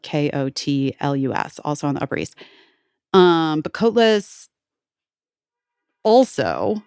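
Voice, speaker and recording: A woman's voice: sits low, vocal fry, clean tone, no echo, clean studio sound. A woman in her forties co-hosting a podcast, chatting casually and animatedly with frequent swearing and quoted voices. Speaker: podcast co-host. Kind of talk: casual chat.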